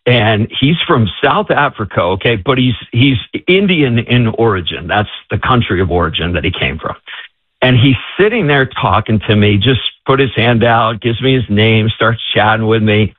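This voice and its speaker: A man tells a story with plenty of swing in his pitch, slipping into the voices of the people he quotes. His tone is slightly husky. The sound is dry and narrow, like a phone line. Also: moderate pace, no room sound. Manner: lively, acts out quoted voices. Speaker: author and guest. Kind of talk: animated storytelling.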